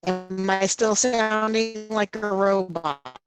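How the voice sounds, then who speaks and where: A woman presenting a live safety training webinar over a video call, slow and halting, often pausing to check in with "okay". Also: medium pitch, steady tone, soft background music. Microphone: computer mic over video call.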